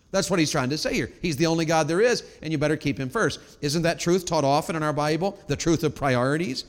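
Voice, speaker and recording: Preacher in a reverberant hall. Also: male voice, on the high side, animated, quick pace, hardly any pauses. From Tennessee. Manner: dynamic preaching, shifting from loud exhortation to quiet storytelling. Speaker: pastor. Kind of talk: sermon.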